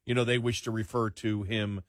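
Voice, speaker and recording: A man's voice: fairly low pitch, level tone, moderate pace, no echo, studio quality. A man hosting a late-night political talk radio show, emphatic and incredulous, often restarting his words.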